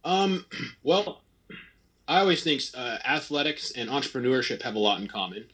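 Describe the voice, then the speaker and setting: A man's voice: mid-range voice, moderate pace, fairly bright tone, slightly rough. A man in his thirties, a former athlete, talking candidly and at length in a casual interview, often restarting and quoting his own thoughts. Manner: candid, rambling, frequent restarts and quoted self-talk. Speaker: interview guest, retired ski racer.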